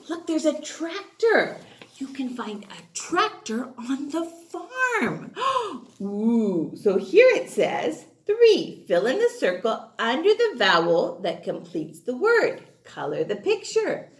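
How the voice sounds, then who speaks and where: A woman teaching a phonics lesson to young children in an animated, sing-song teacher voice, drawing out her words. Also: high voice. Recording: echoey room.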